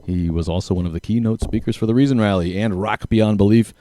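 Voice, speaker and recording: A man's voice: on the low side, fast talker, mellow, a little hiss or hum. A man hosting a live podcast, upbeat as he introduces his guest and reads out a bio. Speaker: podcast host. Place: small room in a downtown venue.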